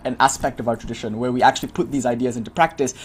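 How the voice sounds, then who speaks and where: A man teaching a weekly class, giving an earnest spoken lecture full of animated explaining and frequent asides. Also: medium pitch, very fast, a little hiss or hum.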